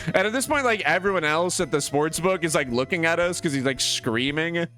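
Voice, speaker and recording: Young man, streamer, casual storytelling, bright forceful voice, faint music behind. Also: on the high side, moderate pace. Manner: animated, many "like" fillers, acts out other voices.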